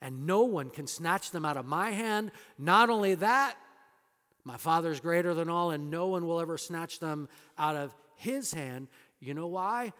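A man with a high-set voice preaching a sermon, his words ringing out in a long hall reverb. He presses his points hard, then sinks to near-hushed tones. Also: lively intonation, moderate pace. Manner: emphatic preaching that drops to soft, hushed lines. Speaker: pastor.

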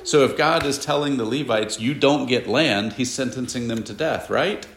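Gravelly man teaching a Bible class. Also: mid-range voice, normal speed, a bit bright. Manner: explanatory, asks the class questions, casual asides. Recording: echoey room.

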